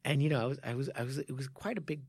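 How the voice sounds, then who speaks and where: A man's voice: mid-range voice, racing, vocal fry, breathy edge, no echo, studio quality. A man, a martial arts coach and podcast co-host, telling a story in casual chat with frequent laughs and restarts. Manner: animated, laughs often, lots of restarts.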